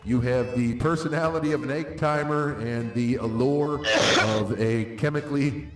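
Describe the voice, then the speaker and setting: A man with a polished radio voice delivering a theatrical, booming insult-comedy roast. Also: normal speed. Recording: echoey distant voice chat with faint music.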